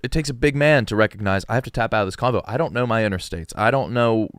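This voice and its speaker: A man's voice: medium pitch, fast talker, a bit bright, no echo. A man from West Virginia co-hosting a sports podcast, playful and teasing in casual studio chat. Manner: playful, teasing, laid-back. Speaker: podcast co-host.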